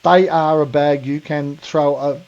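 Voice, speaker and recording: A man's voice: fairly high pitch, fairly even intonation, measured pace, a little mellow, lo-fi sound. A man in his forties with an Australian accent, co-hosting a podcast in blunt, sweary casual chat, calling people mate and brother. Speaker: podcast co-host.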